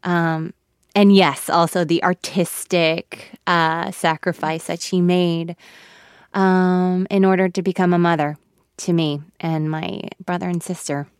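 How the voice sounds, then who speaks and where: A woman actor in her thirties being interviewed on radio, thoughtful and halting with soft laughs, close to tears. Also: lowish voice, little pitch movement, clean tone, no echo. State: emotional, near tears.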